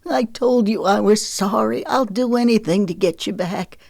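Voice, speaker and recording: A woman's voice: medium pitch, moderate pace, creaky, darkish tone, no room sound, studio quality, pitched above the performer's own voice. A woman voicing a remorseful husband who pleads over the phone in an audiobook. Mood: pleading. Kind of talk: audiobook character voice.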